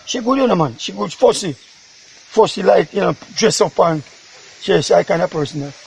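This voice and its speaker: Jamaican dad telling it all in patois, gravelly husky voice, kinda high. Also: male voice, expressive, moderate pace, a little mellow. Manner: rambling, emotional retelling in patois. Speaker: father of a missing woman. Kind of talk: interview.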